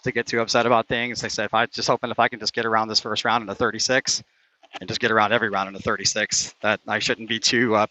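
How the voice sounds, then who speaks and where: A man's voice: lowish voice, little pitch movement, quick pace, bright, forceful tone, poor audio. A man playing a round of mini golf outdoors, commentating it live and getting frustrated and competitive over bad shots. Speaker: player commentating his own round. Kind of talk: casual play-by-play while playing.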